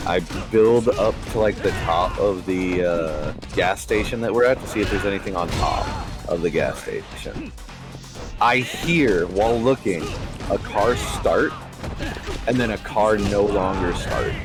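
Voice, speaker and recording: A man chatting casually on a game stream, telling a funny story with a lot of laughing. His voice sits low and easy. Game music plays clearly beneath him. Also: measured pace. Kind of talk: casual gaming chat.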